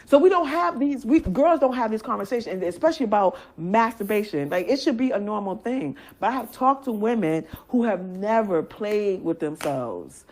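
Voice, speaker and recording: A woman's voice: medium pitch, lively intonation, moderate pace, few pauses, a little mellow. A woman from Michigan with a Michigan accent, a guest talking candidly in a blunt, profane way and laughing often. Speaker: interview guest. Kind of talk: candid casual chat.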